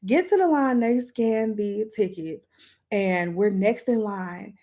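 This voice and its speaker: A woman chatting casually in a storytime vlog, retelling events in a lively way while doing her makeup. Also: slow. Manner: lively, animated retelling with sudden jumps in pitch and volume. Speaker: vlogger telling a story.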